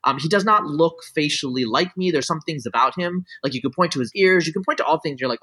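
Talking fast with lively intonation, a middle-aged man explains his views at length in casual conversation. His voice sits on the high side, pushed and bright with a breathy edge, and his opinionated talk circles and restarts amid many "like" and "you know" fillers, captured on a low-quality recording.

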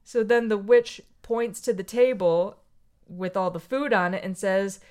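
A woman's voice: mid-range voice, unhurried. A woman co-hosting a podcast, chatting casually as she retells a picture book and acts out the lines of its characters. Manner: animated storyteller, acts out quoted voices. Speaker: podcast co-host.

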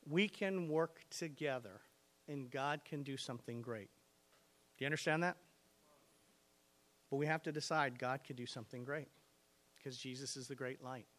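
A man's voice: medium pitch, moderate pace, long pauses, a bit bright. A man preaching a sermon with energy and emphasis, reading scripture and putting direct questions to his listeners. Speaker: pastor.

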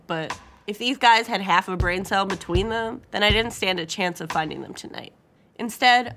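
A woman's voice: on the low side, fairly bright tone. A woman narrating a first-person story with a wry, dry humor.

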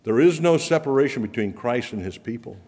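Earnest preacher in a reverberant hall. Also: male voice, mid-range voice, expressive, a little fast, darkish tone, slightly rough. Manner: earnest, emphatic, rising for repeated promises. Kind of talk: sermon.

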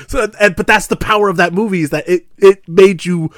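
An animated man in casual podcast chat, talking quickly in a mid-range voice and laughing often. The sound is close and dry. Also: sits high, no echo. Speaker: podcast co-host. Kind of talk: casual movie discussion.

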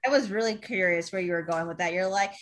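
Young woman guest, casual blunt chatter, lively and profane. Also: lowish voice, fast. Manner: animated, swearing, filler-heavy, acts out voices. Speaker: podcast guest. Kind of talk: casual podcast chat.

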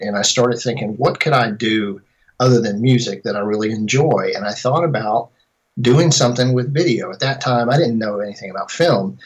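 A man's voice: medium pitch, poor audio. A middle-aged man, a filmmaker and composer, telling stories in a casual interview, rambling with many restarts.

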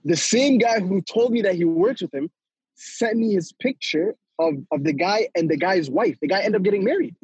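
A young man tells a story on a casual podcast, high-pitched and a little husky. He is animated, laughs a lot and acts out every quote. The sound is close and dry. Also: moderate pace, no room sound, highs cut off. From Toronto, Canada. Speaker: guest storyteller.

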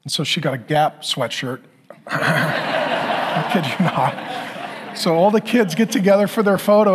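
A man in his forties telling a personal story in a sermon, acting out conversations with God and his family in an animated way. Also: fairly high pitch, measured pace, long pauses, slight background noise. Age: 40s. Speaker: pastor.

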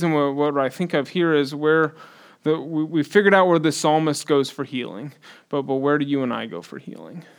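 A man preaching a sermon in a conversational style, with frequent restarts, building to loud emphatic stretches. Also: fairly high pitch. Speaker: pastor.

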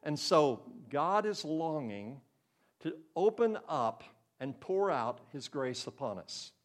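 A man's voice: on the high side, big pitch swings, slow. An older man preaching a sermon in an earnest, conversational way, now and then acting out the voices of the people in his stories.

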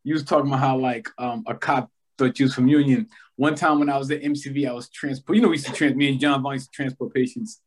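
A young man in casual chat, telling a story of his own in an excitable, slangy way. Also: mid-range voice, quick pace, few pauses.

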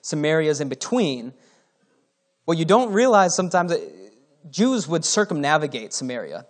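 A man preaching a sermon in a casual, conversational way, reading scripture aloud and breaking off into asides with the odd chuckle. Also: mid-range voice.

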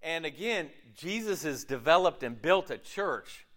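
A pastor delivers a sermon in a slightly high voice without hurrying. He's animated and talkative, acting out the voices he quotes and often laughing at himself.

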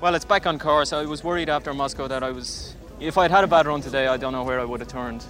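A man who has just won a race answering a reporter in quick, breathless replies. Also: mid-range voice, a bit bright, faint music behind. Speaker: race winner interviewee. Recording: outdoor archive clip with street noise.

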